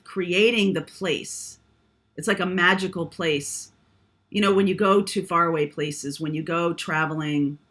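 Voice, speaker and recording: This tarot reader speaks in a deep, slightly bright voice while offering a casual spiritual reading. Her delivery wanders, peppered with frequent "um"s and repeated check-ins of "okay?".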